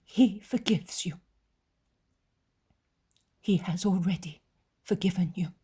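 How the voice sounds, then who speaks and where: A woman voicing a tender, distressed grieving mother, whispering softly in short paused sentences, in whispered role-play. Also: fairly low pitch, breathy edge, full character voice.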